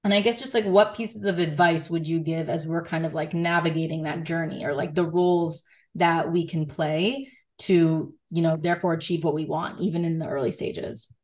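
A woman's voice: low-pitched, steady tone, normal speed, hardly any pauses, a little mellow. A woman hosting a podcast interview, asking rambling questions full of hedges and fillers. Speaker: podcast host. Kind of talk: casual interview chat.

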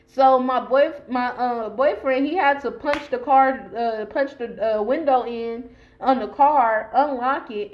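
Profane woman telling a storytime, lo-fi. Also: high voice. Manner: blunt and profane, lots of restarts; reenacts dialogue in raised voices. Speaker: podcast storyteller. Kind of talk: casual storytime monologue. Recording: dull lo-fi podcast audio.

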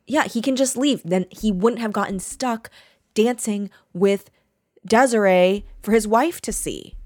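A woman's voice: mid-range voice, measured pace, darkish tone, no echo. Wry woman talking close and dry. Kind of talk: casual chat.

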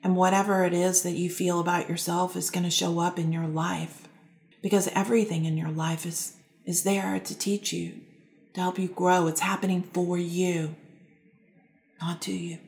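A woman life coach gently guiding listeners through self-reflection, talking calmly with slow pauses. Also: lowish voice, vocal fry, roomy sound. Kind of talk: guided self-help talk to listeners.

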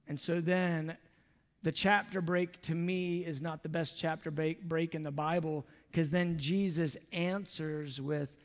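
A man preaching in a big church hall, his voice sitting high for a man. He talks to the congregation loosely and conversationally, dropping in casual asides. Long reverb trails off each phrase. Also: fairly even intonation, unhurried. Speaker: pastor. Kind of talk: sermon. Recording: long echo from a large hall.

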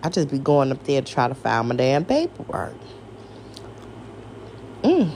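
Animated, profane woman ranting with gravelly edges. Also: extremely low pitch, normal speed, slight background noise. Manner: animated, profane, exasperated, rhetorical questions. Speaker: podcast host. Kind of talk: casual rant.

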